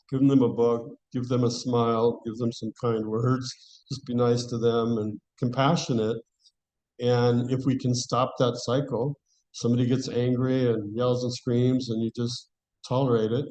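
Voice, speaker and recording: A man leads a scripture class with a mellow, warm voice. He talks to the audience conversationally and restarts his phrases as he thinks. His pitch sits in a middle range for a man. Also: poor audio. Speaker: class speaker.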